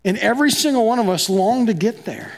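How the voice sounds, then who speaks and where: A man's voice: high voice, brisk. A man preaching a sermon as pastor, talking conversationally and acting out both sides of quoted dialogue.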